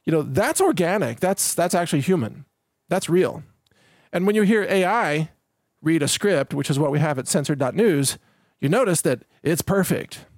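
A man hosts his own podcast in a loose, rambling monologue. He repeats words, breaks off mid-thought and chuckles between points, and his voice sits a little high. The recording is dry and close, with no room sound. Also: animated, normal speed, darkish tone, no room sound. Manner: rambling, self-interrupting with repeated words and restarts. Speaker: podcast host. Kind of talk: casual solo podcast monologue.

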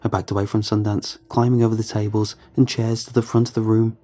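A man narrating a first-person horror story in a calm, measured, low-key way. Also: faint music behind.

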